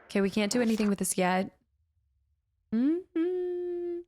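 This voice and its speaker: A woman's voice: a little high, big pitch swings, unhurried, warm tone. A woman streaming a horror game live, chatting with viewers and reading on-screen text aloud as she plays.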